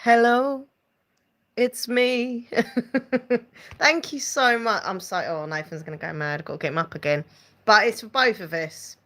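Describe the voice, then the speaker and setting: A woman's voice: low-pitched, lively intonation, brisk, bright, forceful tone. A woman hosting a casual live-stream chat, giggling often and reading out viewer comments. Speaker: channel host chatting with live viewers.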